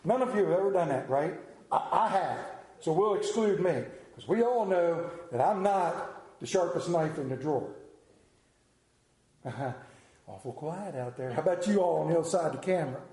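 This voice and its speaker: Animated high-voiced man preaching in an echoey hall. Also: moderate pace. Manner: animated storyteller, acts out voices. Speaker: pastor. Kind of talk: sermon. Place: church hall with congregation. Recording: roomy echoing hall.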